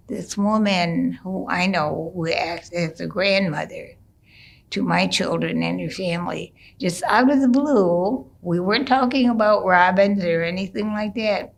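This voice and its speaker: An unhurried middle-aged woman tells a traditional tale in a relaxed, conversational way. Her voice has a gravelly, creaky edge, and she often pauses, restarts a phrase or adds a soft filler before going on. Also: medium pitch. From United States. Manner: unhurried, with gentle hesitations and restarts. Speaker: storyteller. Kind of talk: traditional storytelling, told casually.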